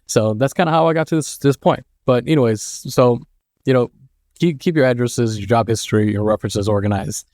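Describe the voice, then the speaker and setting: A man in his thirties giving casual vlog advice, rambling and halting. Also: medium pitch, darkish tone, a little hiss or hum. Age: 30s. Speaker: mail carrier and vlogger.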